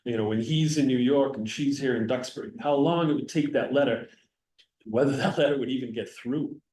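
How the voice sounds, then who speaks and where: A man's voice: mid-range voice, fairly quick, dark tone. A man giving a casual, digressive history talk to an audience. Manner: conversational, digressive, jokes with the audience. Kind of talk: casual public history lecture. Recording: roomy sound from a distance.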